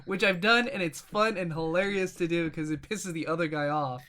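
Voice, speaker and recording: A man's voice: fairly high pitch, normal speed, bright, forceful tone. Guy on a gaming podcast just rambling thru a story, lots of ums and restarts. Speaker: podcast co-host. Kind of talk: casual gaming chat.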